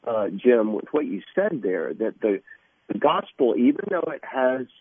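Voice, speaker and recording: A man speaking as a guest in a radio interview, earnest and halting, often restarting his sentences. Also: mid-range voice, sing-song, husky, dry recording. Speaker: guest from an evangelistic ministry. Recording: tinny phone line.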